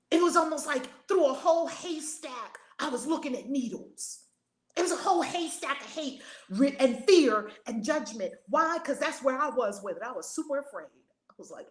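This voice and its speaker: Middle-aged lady host, folksy and heartfelt, kinda high voice, echoey room. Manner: expressive, folksy, tearful at times. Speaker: host of a spiritual livestream. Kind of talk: casual emotional chat. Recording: roomy echo.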